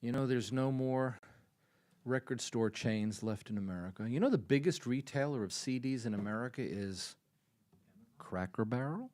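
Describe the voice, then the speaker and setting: A man's voice: medium pitch, normal speed. Folksy man spinning a stage yarn. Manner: storytelling, repeats phrases for emphasis, swings from hushed to loud. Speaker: musician speaking from the stage. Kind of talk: folksy stage talk with a told joke. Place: small coffee-house concert stage.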